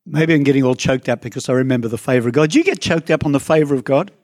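A man's voice: mid-range voice, animated, racing, darkish tone, no echo, clean studio sound. A man preaching a sermon to a church congregation, talking conversationally with asides to people in the room. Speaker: pastor.

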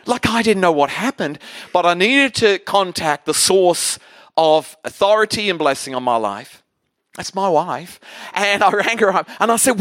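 High, bright-voiced man preaching energetically. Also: normal speed, no echo, studio quality. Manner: energetic, humorous, repeats words. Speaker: guest pastor. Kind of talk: storytelling sermon. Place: church hall.

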